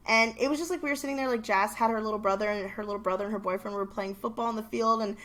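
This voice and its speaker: A young woman chats on her podcast, telling a long story loosely and filling her pauses with "um" and "like". Her voice sits at a middling pitch, relaxed and unhurried. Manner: chatty storytelling with many fillers. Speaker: podcast co-host. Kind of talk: casual chat.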